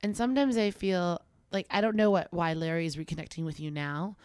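A woman's voice: lowish voice, steady tone, a little mellow, smooth, dry recording. Young woman, campus radio co-host, casual reflective talker, dry close sound. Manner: conversational, reflective, quick asides. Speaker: co-host of a college radio talk show. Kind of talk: casual advice chat.

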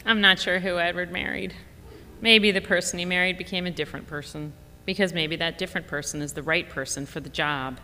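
A woman's voice: steady tone, brisk, sharp tone. A woman narrating a memoir in a wry, reflective tone. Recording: long reverb, faint rumble.

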